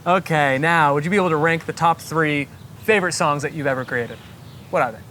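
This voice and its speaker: An interviewer asking brisk, friendly quick-fire questions in a casual chat. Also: mid-range voice, a bit bright, a little hiss or hum.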